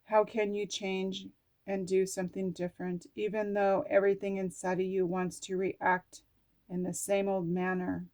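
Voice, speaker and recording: A woman's voice: medium pitch, flat delivery, moderate pace, a little mellow. A middle-aged woman chatting through an oracle card reading, talking to herself and reading card texts aloud with casual swearing.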